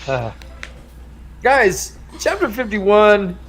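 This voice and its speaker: A man's voice: high voice, big pitch swings, extremely slow, fairly bright tone. A man hosting a podcast, rambling through a casual book discussion with crude jokes. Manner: rambling and joking, with crude humor. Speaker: podcast host.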